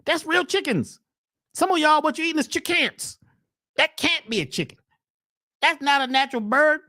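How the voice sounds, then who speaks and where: A woman's voice: normal speed, dry recording, studio quality. A woman holding forth in a slangy, emphatic monologue, firing off rhetorical questions. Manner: rhetorical questions, animated swings in pitch and voice. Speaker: host, wellness speaker. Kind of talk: preachy monologue.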